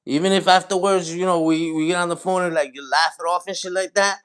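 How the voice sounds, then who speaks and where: A man's voice: sits high, fairly even intonation, quick pace, fairly bright tone, smooth. A man in his forties hosting a livestream, talking casually and profanely straight to his chat, rambling from point to point. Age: 40s. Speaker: livestream host.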